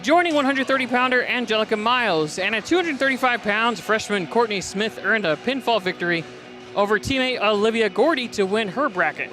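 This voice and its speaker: A man broadcasting a high school wrestling preview, energetic and quick, rattling off stats and names while a little out of breath. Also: soft background music. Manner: energetic, fast-talking, reading stats and names. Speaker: play-by-play broadcaster. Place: top of gym bleachers.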